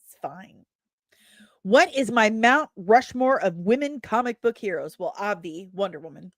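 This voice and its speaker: A woman hosts a live chat show and reads viewers' comments aloud, answering each one in a chatty, rambling way. She adds quick asides and often laughs at herself. Her voice sits at a middle pitch, and the recording is dry and close. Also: expressive, no room sound. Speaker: host.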